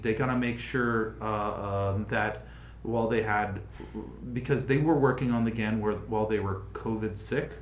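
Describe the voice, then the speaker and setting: A man's voice: on the low side, roomy sound, slight background noise. A man hosting a casual livestream, thinking aloud with frequent restarts as he explains how a project is going. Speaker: livestream host.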